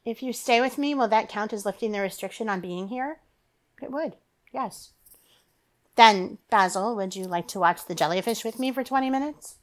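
A woman's voice: on the high side, moderate pace, natural voice. A sulky teen girl, as a woman narrator voices her. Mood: curious. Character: teenage girl, restless and quick-tongued.

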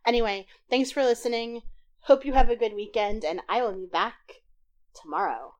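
A woman, a podcast host, reads her own short story aloud from bed while getting over a sinus infection, with a lively, expressive reading that turns louder for the dialogue. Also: on the high side, normal speed. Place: in bed at home. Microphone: tablet recording app.

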